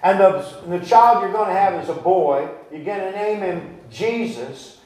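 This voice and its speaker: Pastor preaching in an echoey church. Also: male voice, high-pitched, unhurried, darkish tone, recorded from a distance. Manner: questions the congregation directly; retells scripture in plain, folksy words. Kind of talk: sermon. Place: church sanctuary. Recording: echoey church recording from afar.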